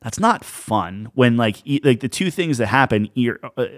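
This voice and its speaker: A man's voice: medium pitch, animated, normal speed, dry recording, studio quality. A young man co-hosting a podcast in casual chat, talking loosely with lots of "like" and fillers. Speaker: podcast co-host.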